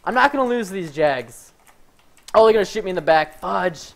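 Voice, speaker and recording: A man streams his gameplay and talks over it live. His voice is lively and swings between low asides and sudden yelps. He gets hyped and shouts, but keeps his cursing clean with "fudge.". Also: normal speed, gravelly. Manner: excitable, yells when hyped, says "fudge" instead of swearing. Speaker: gaming streamer.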